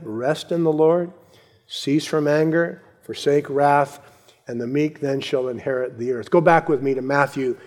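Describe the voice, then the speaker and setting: A male pastor preaching a sermon, building to emphatic lines and then dropping to soft asides. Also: on the high side. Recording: long hall reverb.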